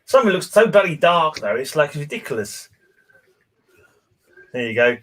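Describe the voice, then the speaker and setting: A man's voice: a little high, sing-song, normal speed, fairly bright tone. A man hosting a casual livestream chat, laughing often. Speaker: stream host.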